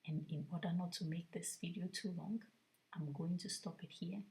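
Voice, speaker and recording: A woman vlogger sharing a personal spiritual testimony, soft-spoken and often half-whispered, earnest and reflective. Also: lowish voice, steady tone, moderate pace, gravelly, rough recording.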